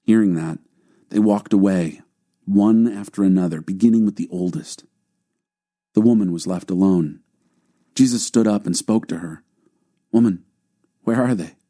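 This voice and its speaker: A man narrating a scripted Bible reading with a calm, steady delivery. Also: sits low, moderate pace, long pauses.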